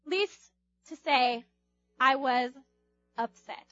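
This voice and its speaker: A young woman youth speaker with a high-pitched, slightly bright voice draws out her words in a chatty, playful sermon to a group. She asks the audience questions and acts out quotes, over a muffled recording with soft background music.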